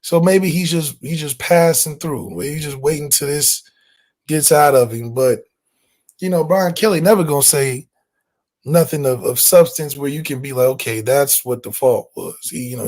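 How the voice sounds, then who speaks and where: Animated, opinionated sports podcast host. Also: male voice, a little high, normal speed. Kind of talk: casual sports chat.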